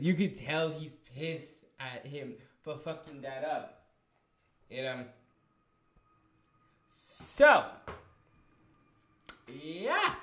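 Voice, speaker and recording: Excitable man recapping in a roomy echo. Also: a little high. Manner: excitable, swearing, many restarts and fillers. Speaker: show reviewer. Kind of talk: casual recap review.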